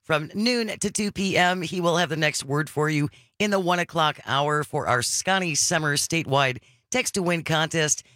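A man hosting a talk radio show, chatting casually with his co-host and smoothly wrapping up segments. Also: on the high side, normal speed, few pauses, bright, forceful tone, no echo, clean studio sound. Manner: easygoing, wraps up segments smoothly.

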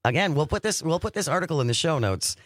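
A man's voice: fairly high pitch, animated, fast talker, fairly bright tone, no room sound, studio quality. A man co-hosting a podcast, reading news items aloud and adding his own commentary. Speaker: podcast co-host.

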